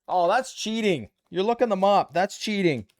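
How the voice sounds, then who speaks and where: A Canadian man with a high-sitting, animated voice chats at a moderate pace while building a model kit on a live stream. He banters playfully and casually with his viewers in a Canadian accent.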